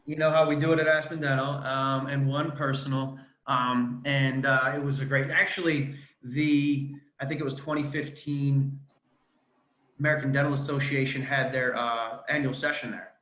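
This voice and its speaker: A man's voice: mid-range voice, level tone, normal speed, fairly bright tone, echoey room, low-quality recording. A man hosting a casual live video call, friendly and chatty, with many ums. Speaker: host.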